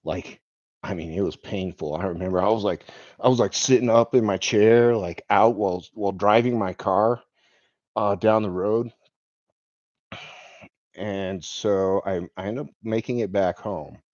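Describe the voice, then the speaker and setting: A man's voice: on the low side, a little slow, a little mellow, no room sound. A man telling a personal story in a rambling way, with lots of "like" and "um" and the odd chuckle. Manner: rambling, full of "like" and "um", chuckles now and then. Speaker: vlogger. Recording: dull lo-fi dry recording.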